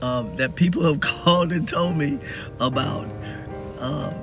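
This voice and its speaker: A man's voice: on the high side, normal speed, music in the background. A man from the Southern US talking to camera in a casual, preaching monologue and laughing often between points. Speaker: video blogger.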